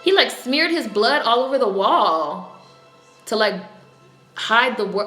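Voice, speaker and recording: A woman's voice: a little high, expressive, a little slow, pushed and bright, faint music behind. A woman with a New York accent hosting a casual livestream, chatting bluntly with lots of swearing. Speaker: livestream host. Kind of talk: casual live-stream chat. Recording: echoey room.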